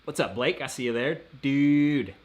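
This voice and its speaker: A man's voice: medium pitch, lively intonation, measured pace. A man hosting a casual live stream, rambling and laughing often as he reads out viewer messages.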